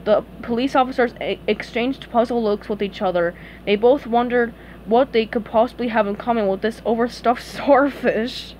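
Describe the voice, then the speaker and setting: A woman reading a children's book aloud in a calm, unhurried, steady way. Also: on the high side, slight background noise. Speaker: storybook reader.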